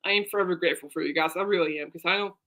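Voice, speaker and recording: Woman vlogger, bright forward voice, loose rambling heartfelt chat to camera. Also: fairly low pitch, very fast. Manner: rambling and heartfelt, talks aside to her dog. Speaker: vlogger and fan.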